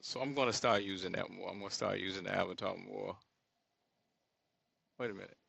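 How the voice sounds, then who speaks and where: A man with rambles through his work in a casual screen-share commentary, often pausing to search for the right word. His voice is gravelly with a bright, forward edge. The sound is dry and close, with no room around it. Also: low voice, no room sound. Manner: thinks aloud, rambling asides, searches for words. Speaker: solo creator building an app.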